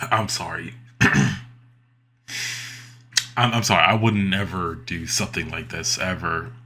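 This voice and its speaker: Deep-voiced man giving scornful reactions. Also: steady tone, measured pace, pushed and bright. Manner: hesitant, stammering restarts, scornful. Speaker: host of a reaction channel. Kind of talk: casual reaction commentary.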